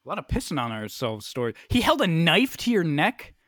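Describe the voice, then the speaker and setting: A young man in casual chat, telling a profane, animated story full of fillers like "like" and "uh". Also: on the high side, a little fast, no echo.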